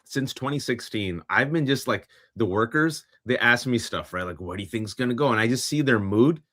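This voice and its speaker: A man's voice: medium pitch, animated, a little fast, sharp tone. A man co-hosting a political talk show, speaking conversationally and thinking aloud. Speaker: co-host. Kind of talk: casual political chat.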